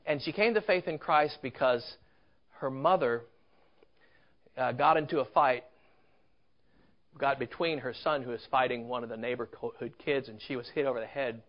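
A man's voice: mid-range voice, normal speed, pauses often. A man preaching a sermon as a story, conversational, with rhetorical questions and asides. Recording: dull lo-fi recording.

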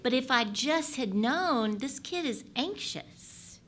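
A middle-aged woman giving an animated teaching talk on parenting. She keeps asking her listeners questions and swings from loud to hushed. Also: high-pitched, slow pace, a little hiss or hum. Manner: animated, asks the audience questions, shifts between loud and hushed. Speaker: parenting speaker.

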